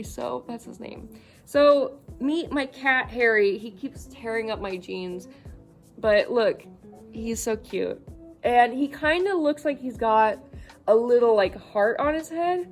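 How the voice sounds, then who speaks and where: A young woman vlogger talking casually about her cat, halting with many fillers and fighting back tears. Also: on the high side, faint music behind. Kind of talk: casual vlog.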